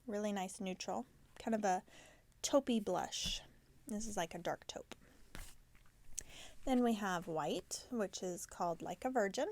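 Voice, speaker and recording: A woman hosting a knitting podcast, chatting casually about her projects and often correcting herself mid-sentence. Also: medium pitch. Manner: chatty, self-correcting, drops into soft asides. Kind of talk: casual show-and-tell chat.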